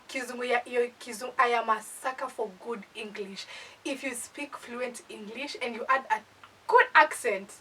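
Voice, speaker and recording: Young Kenyan woman, animated storyteller, husky and sharp, mic set a bit far. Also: a little high. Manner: animated, playful, dramatizes with acted asides. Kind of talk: casual storytime chat.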